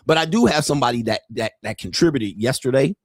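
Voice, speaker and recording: A man's voice: medium pitch, lively intonation, quick pace, no echo, clean studio sound. Brash crude middle-aged man livestreaming. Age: 50s. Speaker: livestream host. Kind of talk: casual livestream commentary.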